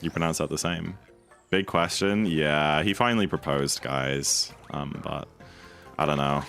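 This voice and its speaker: A man's voice: extremely low pitch, measured pace, creaky, fairly bright tone, faint music behind. A man casually chatting and joking with his chat while speedrunning on a livestream. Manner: playful, jokey, reads chat aloud. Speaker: streamer.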